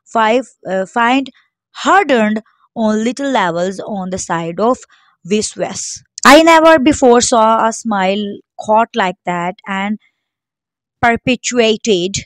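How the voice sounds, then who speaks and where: A woman's voice: fairly high pitch, dry recording. A woman teacher reading a story aloud to students, stopping to explain difficult words. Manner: steady reading, pausing to gloss words.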